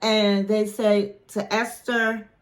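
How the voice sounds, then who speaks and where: A woman hosting her own online channel, giving a casual, chatty recap of a reality show with an animated, playful delivery. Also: mid-range voice. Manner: animated, playful, drawn-out flourishes. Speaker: YouTube host reviewing a reality show.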